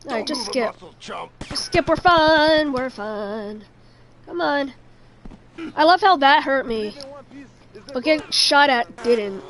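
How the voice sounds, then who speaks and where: Young woman, game streamer, high voice, slow talker, frustrated, swears a lot. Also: animated, music in the background. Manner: frustrated, swearing, chatty with viewers. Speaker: streamer playing a video game. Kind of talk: live gameplay commentary.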